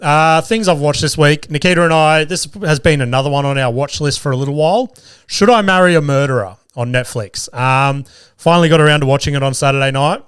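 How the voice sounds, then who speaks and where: A man hosting a podcast, retelling stories in a fast, profane, excitable way. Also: fairly high pitch, clear, resonant tone, no room sound, clean studio sound. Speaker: podcast host. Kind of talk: casual chat.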